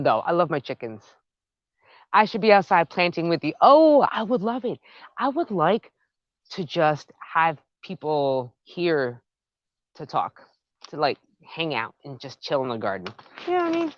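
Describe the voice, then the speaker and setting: A woman's voice: sits low, no echo, muffled recording. A woman with a North Jersey accent, chatting casually with live viewers while she works in her outdoor garden. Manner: chatty, excitable, talks to viewers. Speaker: gardening vlogger, live stream host.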